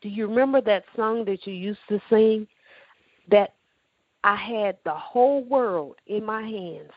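A woman voicing God in her testimony as a stern, commanding and reassuring divine voice, pitched up with emphasis. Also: unhurried, slightly rough, no echo, highs cut off. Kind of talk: acted quote in a testimony.

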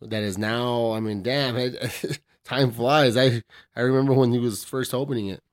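A man's voice: mid-range voice, steady tone, normal speed, clean tone, no echo, studio quality. A man hosting a casual podcast, joking loosely with slang and swearing and laughing often. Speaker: podcast host.

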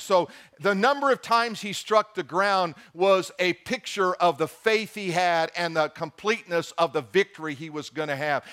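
A pastor preaching a sermon, reading scripture aloud and asking the congregation questions with emphasis. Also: male voice, high voice, a bit bright.

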